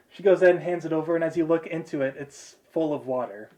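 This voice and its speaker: A man's voice: on the high side, quick pace, dark tone. A man narrating a tabletop game as game master, casual and full of fillers.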